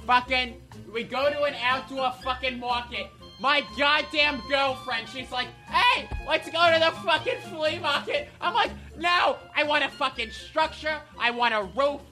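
A woman's voice: sits high, a little slow, few pauses, bright, forceful tone, soft background music. A woman voicing a foul-mouthed, hot-headed man who rants manically in a comedy character monologue. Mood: ranting. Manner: profane, ranting, manic.

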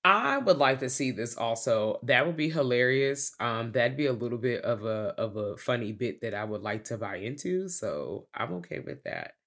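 A woman's voice: very deep voice, normal speed, hardly any pauses. A woman co-hosting a podcast, telling a film's plot in casual chat and acting out the characters' lines as she goes. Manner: animated storytelling, acts out the characters' lines. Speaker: podcast co-host.

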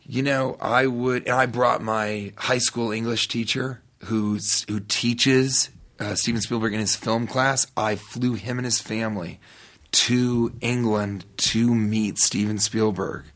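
A man's voice: lowish voice, fairly even intonation, slow, fairly bright tone. A man who is a guest on a talk show, telling a casual, rambling story with frequent restarts and asides.

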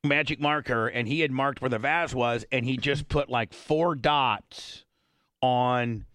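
A man's voice: medium pitch, measured pace, a bit bright, no echo, studio quality. A middle-aged man on a podcast, telling a crude story in a rambling way, full of restarts. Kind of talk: casual chat.

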